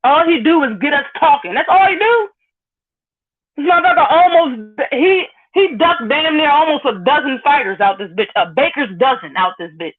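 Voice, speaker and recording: A woman's voice: high voice, lively intonation, fairly quick, few pauses. A woman hosting a live stream, ranting bluntly and profanely while greeting viewers in the chat. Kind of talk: heated live-stream rant. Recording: phone-like lo-fi audio.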